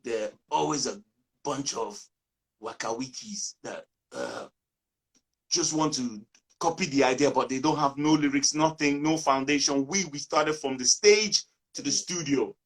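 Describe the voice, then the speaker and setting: A man from Nigeria chats as a musician guest, with a middle-pitched voice. He tells lively stories in a relaxed interview, acting out what others said. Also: measured pace. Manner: lively storyteller acting out quotes. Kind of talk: casual interview chat.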